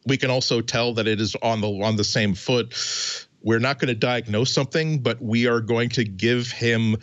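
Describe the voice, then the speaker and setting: A man's voice: medium pitch, steady tone, moderate pace, no echo, dull audio. A man on a podcast panel in casual tech chat, rambling and stumbling over his words with many restarts.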